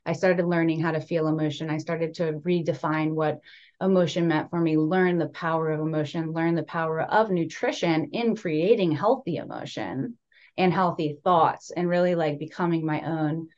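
A woman's voice: low-pitched, fairly even intonation, normal speed, a little mellow, lo-fi sound. A young woman guest speaking candidly and casually, with many fillers like "like" and "right". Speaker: podcast guest. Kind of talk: casual conversational storytelling.

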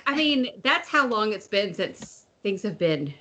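Bright self-amused woman co-host. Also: medium pitch, very animated, a little slow, slight background noise. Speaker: podcast co-host. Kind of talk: casual podcast chat.

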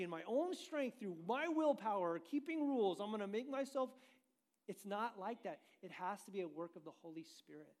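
High-voiced man preaching a lively sermon. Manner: animated preaching, asks the congregation questions. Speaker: pastor.

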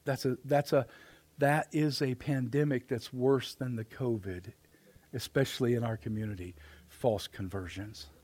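A middle-aged man preaching a sermon in a church, folksy and plain-spoken, swinging from loud emphatic lines to hushed quiet asides. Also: mid-range voice, steady tone, moderate pace. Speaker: pastor. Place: church sanctuary.

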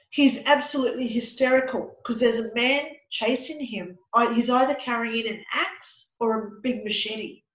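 A woman working as a psychic medium and counsellor, telling a story in an animated, dramatic way during an interview. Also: a little high. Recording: echoey, dull lo-fi room.

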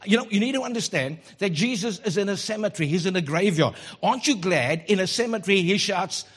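Husky high-voiced preacher man. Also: fast. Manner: animated preaching with joking asides. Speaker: pastor. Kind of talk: sermon.

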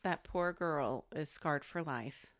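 A woman co-hosting a podcast in casual chat, chiming in with quick reactions and easy laughter. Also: sits low, a bit bright. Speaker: podcast co-host.

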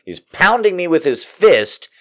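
A male comedian spins a story with an animated voice that leaps around in pitch. He swears freely and mocks himself along the way. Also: a little slow. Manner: animated, profane, self-mocking.

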